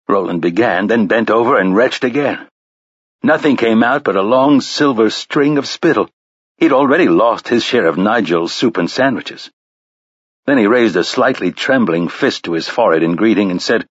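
A man narrating an audiobook with expressive, steady storytelling. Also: fairly low pitch, moderate pace, husky, dry recording. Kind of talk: scripted narration. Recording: dry, slightly muffled recording.

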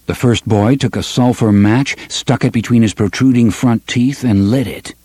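A man narrating an audiobook with an expressive, varied delivery. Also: mid-range voice, normal speed, husky, no room sound.

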